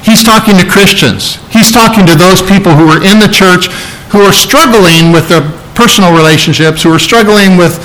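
A man's voice: sits high, normal speed, fairly bright tone, slight background noise, low-quality recording. A man preaching a sermon, explaining a scripture passage in an earnest teaching tone and repeating key phrases for emphasis.

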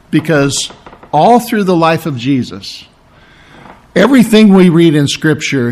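A man preaching a sermon, teaching through a Bible passage. His voice is strained, he clears his throat often, and he keeps checking in with "okay?" and "all right?". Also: a little high. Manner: explanatory, asks "okay?" and "all right?" for agreement. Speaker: pastor.

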